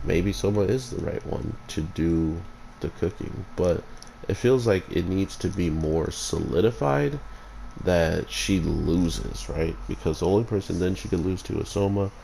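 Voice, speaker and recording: Deep gravelly man, rambling review. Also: warm tone, slight background noise, rough recording. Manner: rambling, digressive. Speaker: anime reviewer. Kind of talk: casual spoken review.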